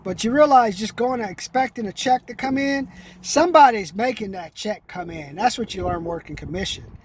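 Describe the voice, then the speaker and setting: In a casual, rambling monologue, a middle-aged male vlogger speaks loosely to his camera, streetwise and sprinkling in "man" constantly. His voice is high and his pace moderate. Slight background noise can be heard.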